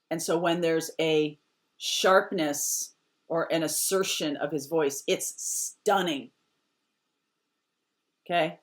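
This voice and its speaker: A woman's voice: sits low, fairly even intonation, takes it slowly. Emphatic woman giving a tarot reading. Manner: emphatic, repeats short firm phrases; drops to a near whisper at times. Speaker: tarot reader. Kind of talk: casual tarot reading to camera.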